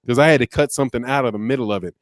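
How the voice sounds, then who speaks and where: A man's voice: medium pitch, racing, no echo, studio quality. Laid-back man talking boxing. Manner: conversational, loose and rambling with frequent restarts and "man". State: sleepy, yawning. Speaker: boxing channel host. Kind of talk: casual live-stream commentary reading viewer comments.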